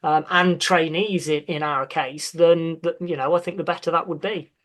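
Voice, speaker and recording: A man's voice: fairly high pitch, fairly even intonation, moderate pace, fairly bright tone. A man hosting a casual podcast discussion, speaking thoughtfully and with some hesitation as he searches for words. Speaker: podcast host.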